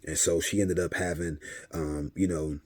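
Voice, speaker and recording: Man for a spiritual advice vlog, low and husky, relaxed conversational delivery, acts out dialogue. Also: moderate pace, dry recording. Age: adult father of several children. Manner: conversational, often repeats a filler tag and acts out dialogue. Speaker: vlogger giving spiritual advice. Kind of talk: casual spiritual talk monologue.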